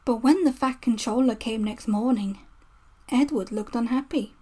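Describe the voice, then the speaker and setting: A woman narrating a children's storybook in a gentle read-aloud manner. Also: a little high, normal speed. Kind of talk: storybook reading.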